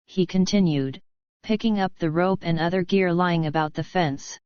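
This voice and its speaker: A woman narrating an audiobook in a steady, even reading. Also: on the low side, normal speed, dry recording. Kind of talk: scripted narration. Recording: dry, slightly dull studio read.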